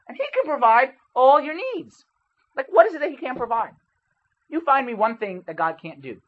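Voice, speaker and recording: His voice is very high, a little bright and slightly rough, and the audio sounds dull. He's a youth preacher delivering an informal sermon in a church hall, chatting with the young crowd, asking them questions and repeatedly saying "okay?".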